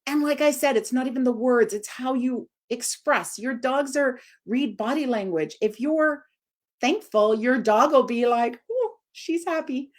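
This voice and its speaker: A woman in her forties, a dog trainer giving an informal live video talk, expressive and swinging up high for emphasis. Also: measured pace.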